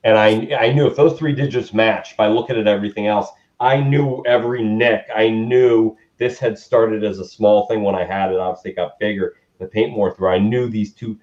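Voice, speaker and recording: A man telling a story as an interview guest, animated and acting out what people said, with laughs. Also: fairly low pitch, normal speed, hardly any pauses. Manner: animated, acts out quotes with laughs. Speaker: guest musician. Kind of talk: casual storytelling. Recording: dull lo-fi sound.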